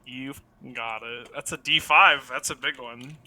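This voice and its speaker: A man playing a tabletop game, chatting in a relaxed, joking way. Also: mid-range voice, measured pace. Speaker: player. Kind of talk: casual game chat.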